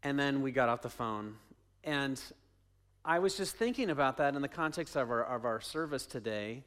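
A pastor preaches a sermon conversationally, asking the congregation questions and repeating his phrases. His mid-range voice has lively intonation, a normal speed, and a fairly bright tone.

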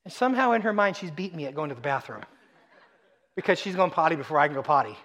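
A man's voice: high voice, brisk. A middle-aged man from Texas preaching a sermon, telling joking family stories and acting out voices. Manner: joking, animated storytelling with acted-out voices. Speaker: pastor.

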